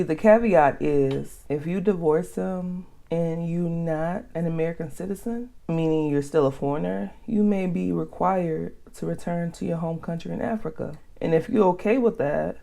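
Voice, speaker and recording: Woman vlog host, low gravelly voice, blunt slangy commentary. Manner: blunt, animated advice with slang. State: out of breath. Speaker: channel host. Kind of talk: reaction commentary to a reader's post.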